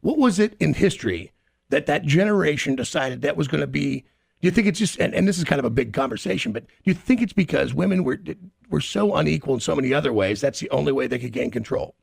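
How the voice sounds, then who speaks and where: Male radio host: gravelly, slightly raised pitch, loose profane storyteller, dry studio mic. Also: expressive, fast, dry recording. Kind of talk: crude morning radio banter.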